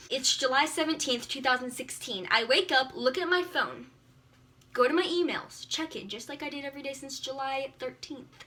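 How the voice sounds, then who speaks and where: A teenage girl telling a storytime vlog to her camera, excitable and gushing, with lots of "like". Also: high voice, normal speed. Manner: excitable, gushing, many likes. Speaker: vlogger.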